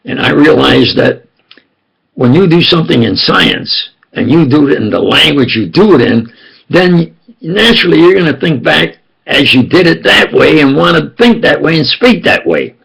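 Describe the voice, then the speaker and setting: An older man with a New York accent, telling a rambling, insistent personal story in a slow monologue. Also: on the high side, animated, gravelly, a bit bright, breathy edge. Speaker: self-styled preacher and storyteller.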